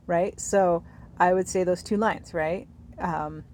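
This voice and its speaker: A woman in her thirties chatting casually while lying in bed, rambling softly with many fillers and sometimes dropping to a whisper. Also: lowish voice, fairly even intonation, unhurried, slight background noise. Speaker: vlogger. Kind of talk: casual chat to camera.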